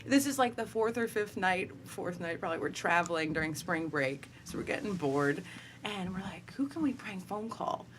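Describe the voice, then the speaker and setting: A young woman guest on an interview podcast, telling stories in a lively, chatty way and laughing often. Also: on the low side, moderate pace, background noise. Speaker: guest, company founder. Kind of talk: casual storytelling interview.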